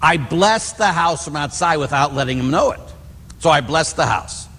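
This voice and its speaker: A middle-aged man from the Pittsburgh area, a Catholic priest telling stories in a homily, animated and acting out voices. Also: a little high, normal speed, breathy edge, big-room sound. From Pittsburgh area, United States. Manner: animated storyteller, acts out voices in quotes. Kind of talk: storytelling homily.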